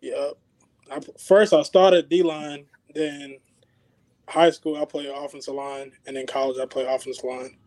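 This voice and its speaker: A man joins a sports podcast as a guest, relaxed and mostly agreeing with the hosts. His voice sits slightly high. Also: unhurried, rough recording. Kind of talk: casual sports chat.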